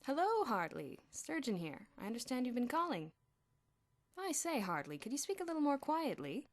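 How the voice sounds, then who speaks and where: A woman's voice: high voice, big pitch swings, normal speed, pitched above the performer's own voice. A woman voicing a pompous middle-aged male headmaster on the phone, genteel and smug, drawing out his words.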